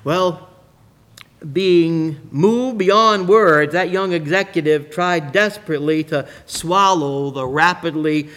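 A man's voice: fairly high pitch, unhurried, hardly any pauses, sharp tone. A man preaching a sermon, telling a long illustrative story with dramatic rises and drops in his voice.

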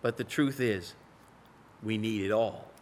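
A man voicing a grave, gently insistent elderly male doctor, speaking softly and in a measured way. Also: on the low side, a little hiss or hum, voice pushed down, close to an everyday voice. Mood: grave, gentle.

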